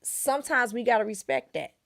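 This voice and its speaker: A woman's voice: brisk, gravelly. A woman co-hosting a casual faith-based podcast, telling stories and acting out quotes with big jumps in voice. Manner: animated storytelling, acts out quotes with big pitch jumps. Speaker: podcast co-host.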